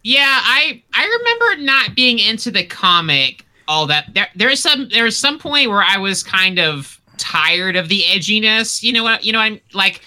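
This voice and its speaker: A woman's voice: mid-range voice, big pitch swings, moderate pace, hardly any pauses, pushed and bright. A woman in casual chat, opinionated and swearing casually.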